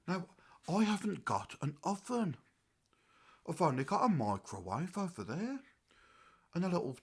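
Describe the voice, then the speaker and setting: A man's voice: high-pitched, slightly rough, heavily acted. A man playing a rambling, easily riled old English grandfather in a comic monologue, in an English accent. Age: older. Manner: rambling and aggrieved, swinging between mutters and outbursts.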